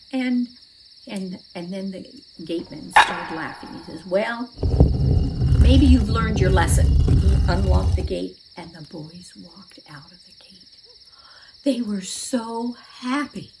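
A woman reads a children's Bible story aloud, posing questions to her listeners and acting out the characters' shouts. Her voice sits high, and there is background noise.

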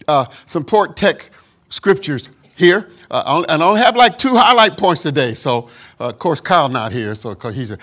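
A man's voice: a little high, sing-song, normal speed, a bit bright. A man preaching a sermon as pastor, emphatic, with call-and-response asides and acted-out voices of doubters. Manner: acts out quoted voices of doubters.

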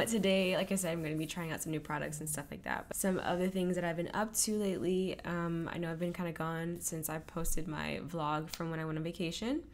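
A woman's voice: fairly low pitch, fairly bright tone. A young woman talks her way through a get-ready-with-me makeup chat at home. She sounds tearful and emotional, and she keeps breaking into nervous laughs as she speaks. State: crying. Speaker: beauty vlogger.

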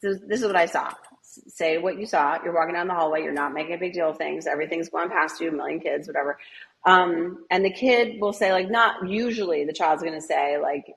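A woman's voice: deep voice, creaky, a bit bright, low-quality recording. A middle-aged woman and author, talking casually in an interview and acting out bits of classroom dialogue. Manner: conversational, many fillers and quick asides. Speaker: author and educator guest.

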